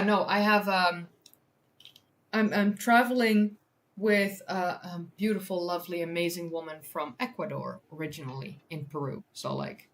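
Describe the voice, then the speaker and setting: A Dutch woman hosts a livestream as a science communicator, chatting casually with viewers and reading articles aloud. She laughs easily and stumbles over difficult words, and her lowish voice comes with a little hiss or hum in the recording.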